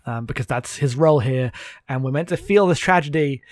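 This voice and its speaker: A man's voice: mid-range voice, fairly quick, no room sound. A man co-hosting a podcast, recapping a book in a sardonic, laughing, rambling way on a close mic. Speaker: podcast co-host. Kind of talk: comedic book recap chat.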